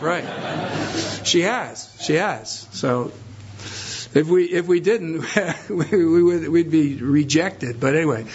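Husky New pastor joking from the pulpit. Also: male voice, fairly high pitch, highs cut off. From New York metropolitan area. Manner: chatty, self-deprecating, joking storyteller. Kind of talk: sermon introduction to a congregation.

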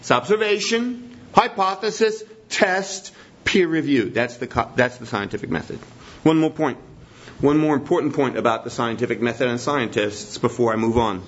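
A man's voice: mid-range voice, lively intonation, a little slow. A man preaching a sermon in a teacherly way, repeating his key points for emphasis. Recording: dull lo-fi recording.

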